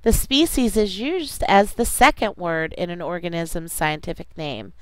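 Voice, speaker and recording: A woman teacher giving a classroom science lecture, speaking deliberately and repeating key terms for students to write down. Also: fairly low pitch, clear, resonant tone, no room sound, low-quality recording.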